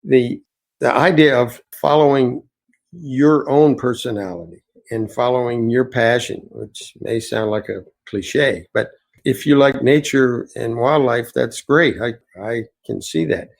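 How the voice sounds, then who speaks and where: Male innkeeper guest, gravelly voice, earnest and reflective. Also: medium pitch, unhurried, poor audio. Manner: earnest, reflective, rambling anecdotes. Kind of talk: storytelling interview answers.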